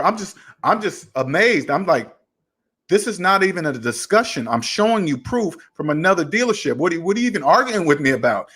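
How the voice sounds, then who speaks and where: A man with a raised voice, hosting a personal finance channel and telling a story in a casual, animated way, acting out both sides of an argument in quoted dialogue. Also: high voice.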